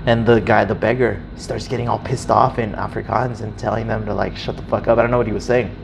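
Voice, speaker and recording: A young man casually telling a story, animated and swearing freely, acting out the people in it. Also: on the low side, fast, gravelly, noisy background. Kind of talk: casual chat.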